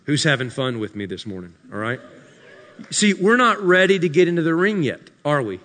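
A man preaches with a bright, forceful voice that climbs into shouted declarations and then falls to dry, sarcastic asides. His voice sits a little high and rings with a long reverb, as if he is recorded live in a large church sanctuary. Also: big pitch swings, brisk. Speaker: pastor. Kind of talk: sermon. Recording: live sermon in a reverberant hall.

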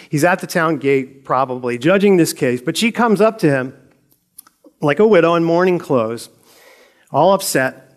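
A middle-aged man teaching a Bible story in a casual, conversational way, joking and laughing as he retells it. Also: fairly high pitch. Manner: conversational, jokey, laughs often.

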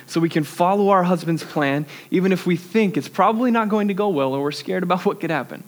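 A young man preaching a sermon in a church, earnest and conversational, with self-deprecating asides. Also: fairly high pitch.

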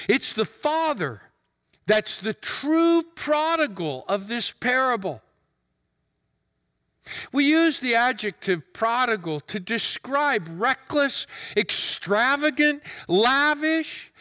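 A male preacher giving an earnest, emphatic sermon in a deliberate manner. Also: very high-pitched, very animated, pushed and bright. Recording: long hall reverb.

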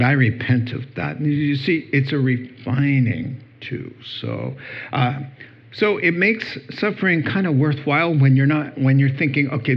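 Male pastor, husky, unhurried sermon delivery, muffled lo-fi sound. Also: mid-range voice. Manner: lively, humorous, conversational preaching. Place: church hall before a congregation.

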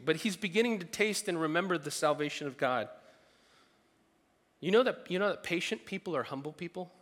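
A middle-aged man preaching a sermon as a pastor, animated, with playful asides and acted-out voices. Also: fairly high pitch, brisk. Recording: long reverb of a large hall.

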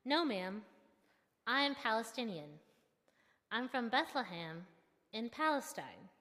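A woman's voice: on the high side, slow pace, in a large hall, full character voice. A woman voicing a friendly, curious male driver who asks eager, kindly questions in a storytelling performance. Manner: kind, eager, excited questions.

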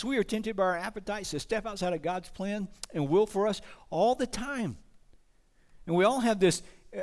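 Earnest male pastor, fairly high voice. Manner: earnest, asks the congregation questions. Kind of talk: sermon.

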